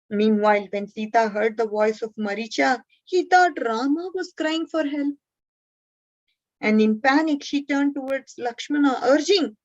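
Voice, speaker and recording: High-voiced teacher, storytelling. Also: female voice, measured pace, no room sound, dull audio. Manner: asks the class frequent questions; gently scolds a student. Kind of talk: storytelling lesson for children.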